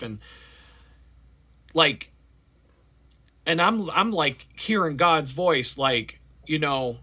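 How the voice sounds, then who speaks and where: A man vlogging in a rambling, animated personal monologue with many fillers. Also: on the high side, extremely slow, pauses often.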